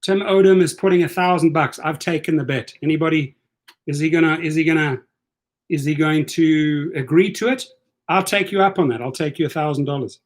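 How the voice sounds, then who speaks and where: A man's voice: fairly high pitch, fairly quick. A man hosting a casual livestream, taunting a viewer in a combative, repetitive way. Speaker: livestream host.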